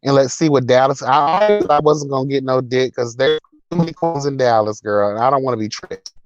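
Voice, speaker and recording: A man's voice: mid-range voice, brisk, highs cut off, soft background music. A man hosting a casual livestream, talking in a sassy, profane, dramatic way. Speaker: livestream host reading chat. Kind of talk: casual chat.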